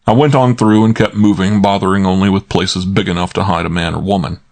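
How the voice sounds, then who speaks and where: Low-voiced male audiobook narrator. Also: fairly even intonation, fairly quick, few pauses, a little mellow. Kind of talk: first-person audiobook narration.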